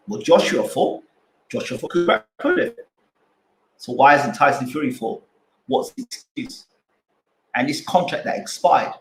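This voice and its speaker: A man's voice: medium pitch, a bit bright, reverberant, rough recording. A man hosting a boxing channel live stream, arguing his points with repeated rhetorical questions and answering chat.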